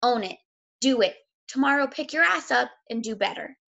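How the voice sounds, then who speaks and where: A woman's voice: fairly high pitch, animated, normal speed, creaky, pushed and bright, dull audio. A woman, a fitness coach giving a blunt, emotional motivational talk, sick and close to tears, swearing freely.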